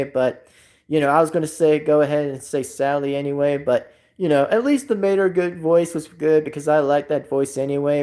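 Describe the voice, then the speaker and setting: Man hosting a live stream, slightly high voice, rambles and repeats himself, casual chat. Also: darkish tone.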